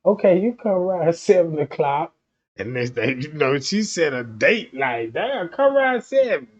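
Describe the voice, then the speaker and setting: Loud, animated man ranting crudely. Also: a little high, moderate pace, lo-fi sound. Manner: loud, animated, profane, often laughing. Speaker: livestream host. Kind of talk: crude comedic rant.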